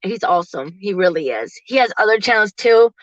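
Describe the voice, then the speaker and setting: A woman in her forties chatting casually to viewers from her parked car, laughing often and getting animated when she quotes people. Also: mid-range voice, fairly quick, no room sound, lo-fi sound. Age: 40s. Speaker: livestream host.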